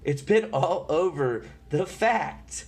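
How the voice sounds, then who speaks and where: A man's voice: on the high side, animated, slow, slightly rough. A man hosting an online show, complaining in an indignant, sarcastic way. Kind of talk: complaining commentary.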